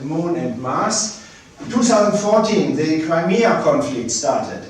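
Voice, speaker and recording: A man giving a public lecture with slides, speaking hesitantly with many pauses and restarts. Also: on the high side, slight background noise. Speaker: space agency director giving a public lecture. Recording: very echoey hall, mic at a distance.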